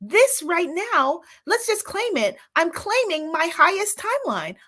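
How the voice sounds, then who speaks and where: Lively high-voiced inspirational woman host. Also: measured pace. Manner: enthusiastic, laughing often, repeating affirmations. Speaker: spiritual host. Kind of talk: inspirational live-stream talk.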